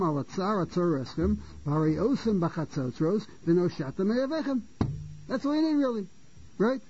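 A man with a high, husky, mellow voice gives a Torah lecture, circling back over his words and restarting sentences. He poses questions to the class, often clears his throat, and sounds dull and lo-fi. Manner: halting, repeats phrases and restarts, asks rhetorical questions. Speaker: rabbi teaching a class. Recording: dull lo-fi recording.

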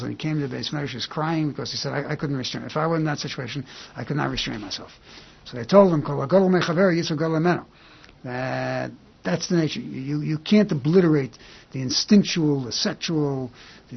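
A man giving an informal Torah class, talking in halting bursts and repeating phrases as he works through a point. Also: on the high side, gravelly, slightly rough. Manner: halting and repetitive, restarting phrases. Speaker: Torah teacher. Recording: dull lo-fi recording.

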